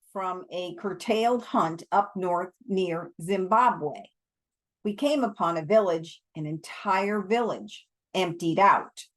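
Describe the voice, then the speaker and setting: Woman voicing a burly, urgent lion expert. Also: mid-range voice. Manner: urgent, emphatic. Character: burly panicked Afrikaner lion expert man.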